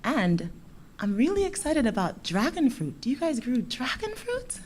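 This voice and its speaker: A young woman from Dominica giving a lively, playful speech to schoolchildren at a closing ceremony. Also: fairly high pitch, moderate pace, a little hiss or hum. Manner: lively, playful with the children, warm encouraging. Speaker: guest speaker from a bank.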